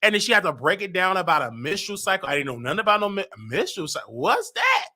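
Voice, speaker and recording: A man hosting a talk show, telling a personal story in an animated way and acting out the dialogue. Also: sits high, rapid-fire. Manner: dramatic, acts out quoted dialogue. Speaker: show host.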